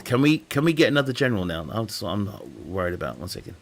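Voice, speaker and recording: A man's voice: on the low side, sing-song, quick pace, slight background noise. A man streaming a game, chatting casually in a rambling, joking way, laughing often and swearing. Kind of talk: casual live-stream chat.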